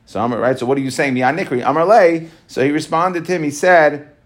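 A man teaching a Talmud class, reading passages aloud and explaining them in relaxed English with frequent "right?" and "okay". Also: on the high side. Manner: reads Aramaic quickly, then explains in casual English with many "right?" and "okay".

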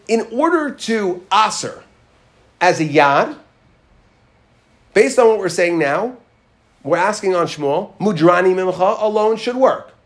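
A man's high-sitting voice leads a Talmud class; he moves through the text with questions and echoes Hebrew phrases in a chant-like rhythm.

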